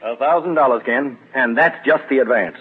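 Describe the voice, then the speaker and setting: A man playing a brisk confident publisher. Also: mid-range voice, slightly rough, natural voice. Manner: brisk and businesslike. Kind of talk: 1940s radio acting. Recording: tinny old radio broadcast.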